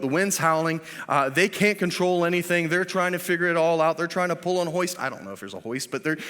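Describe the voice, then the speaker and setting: A man in his thirties preaching a sermon as pastor. He swings between hushed, drawn-out lines and loud, emphatic ones, with self-deprecating asides. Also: a little high. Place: church. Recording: reverberant church sanctuary.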